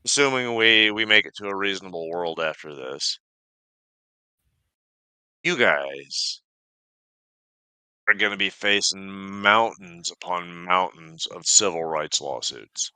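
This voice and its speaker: A man co-hosting a podcast in casual political chat, swearing freely and riffing with energy. His voice is lowish, bright and forceful, with a smooth, crisp tone. The sound is dry and close. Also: takes it slowly, long pauses, dry recording. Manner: profane, animated, riffing. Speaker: podcast co-host.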